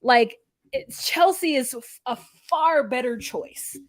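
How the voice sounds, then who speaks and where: A woman co-hosting a casual podcast, retelling scenes with lively quoted voices. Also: high voice, slow, no echo. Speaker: podcast co-host recapping a reality show. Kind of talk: casual chat.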